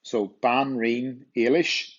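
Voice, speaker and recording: A male teacher with a Northern Irish accent, slowly walking students through vocabulary and repeating words to drill them. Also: mid-range voice, flat delivery. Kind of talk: walkthrough lesson explaining vocabulary. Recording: dull lo-fi voice recording.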